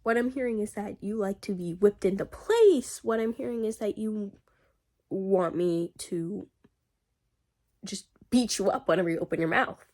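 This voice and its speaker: A woman talks straight to camera in a casual diary vlog, venting at length. Her delivery is animated and ranting, packed with "like" and "literally". She is still getting over being sick, and her pitch sits in the middle of the range. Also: moderate pace. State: recovering from illness. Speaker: vlogger.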